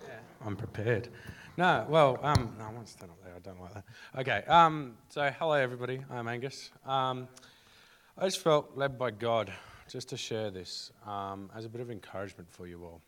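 A man gives a church group a casual testimony at an everyday middle pitch. He talks earnestly and haltingly, with many fillers and restarts along the way. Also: a bit bright. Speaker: church member sharing a testimony.

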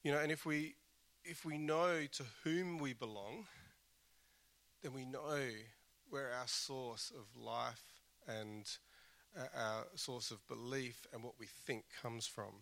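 Bright-voiced man preaching a sermon. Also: medium pitch, takes it slowly, vocal fry. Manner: earnest, conversational with self-deprecating asides. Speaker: pastor.

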